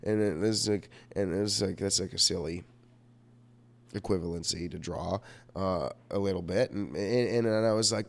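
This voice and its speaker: A man's voice: deep voice, moderate pace, creaky. A young man telling a rambling personal story in a vlog, profane and self-mocking, full of fillers, and sick. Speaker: vlogger.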